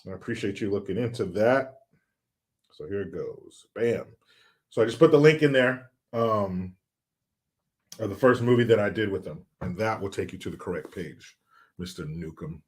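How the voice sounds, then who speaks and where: A man's voice: on the low side, moderate pace. A middle-aged man hosting a casual livestream, reading viewer comments in a loose, joking, sometimes profane way. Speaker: livestream host.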